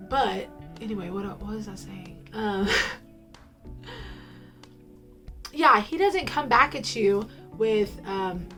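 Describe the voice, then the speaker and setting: A woman's voice: medium pitch, expressive, slow pace, pauses often, a bit bright, soft background music. A woman telling a personal faith story straight to camera in a casual, playful way, full of slang and ums. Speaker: faith vlogger.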